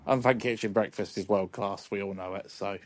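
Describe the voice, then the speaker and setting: A man's voice: on the low side, fairly even intonation, fairly quick. A man hosting a football podcast, laid-back and chuckling, with lots of ums. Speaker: podcast host. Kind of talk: casual chat.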